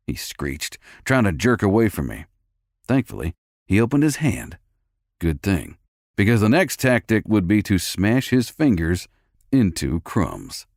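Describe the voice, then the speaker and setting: A man's voice: sits low, sing-song, moderate pace, no room sound, clean studio sound. A man reading a first-person romance audiobook with a gritty, tough-guy delivery. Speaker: audiobook narrator.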